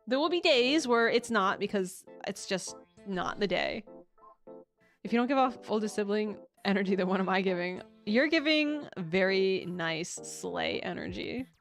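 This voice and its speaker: A woman's voice: medium pitch, animated, measured pace, soft background music. A woman streaming casual chat, rambling with frequent restarts, swearing casually and laughing often.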